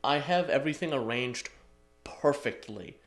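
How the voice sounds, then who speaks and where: A man's voice: medium pitch, animated, moderate pace, gravelly. A man co-hosting a podcast, chatting in an easygoing, self-deprecating way and laughing often. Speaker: podcast co-host. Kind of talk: casual chat.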